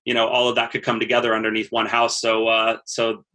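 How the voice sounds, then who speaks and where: Bright-toned man with flat delivery. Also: mid-range voice, fairly quick. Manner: repeats words as he thinks, steady storytelling. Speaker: podcast guest. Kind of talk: casual interview talk.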